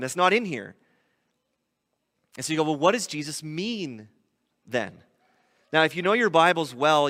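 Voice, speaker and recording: A man's voice: mid-range voice, pushed and bright, clean tone, in a large hall. A man preaching a teaching sermon, talking through scripture conversationally and asking his listeners rhetorical questions. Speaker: pastor. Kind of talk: expository sermon.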